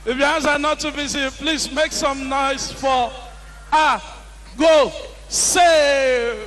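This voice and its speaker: A young man with a Nigerian accent doing animated stand-up comedy on a live stage, acting out the people in his stories. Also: very high voice, normal speed, rough recording. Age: young adult. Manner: animated storytelling, acts out quoted characters with shouts.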